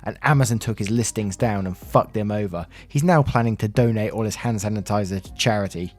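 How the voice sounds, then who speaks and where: A man's voice: fairly low pitch, a little fast. A man narrating online stories casually, with wry asides and free swearing. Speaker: reddit story narrator. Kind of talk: casual story narration with commentary.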